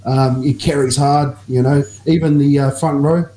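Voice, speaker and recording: Brief: mellow-voiced New Zealand man, measured rugby talk, echoey room with faint hiss. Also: mid-range voice, fairly even intonation. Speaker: rugby podcast co-host. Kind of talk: casual chat.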